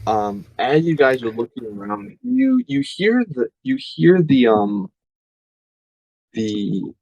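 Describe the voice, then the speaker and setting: A man's voice: mid-range voice, sing-song, takes it slowly, vocal fry, darkish tone, highs cut off. A man running a tabletop game as game master, describing scenes casually with many fillers and restarts.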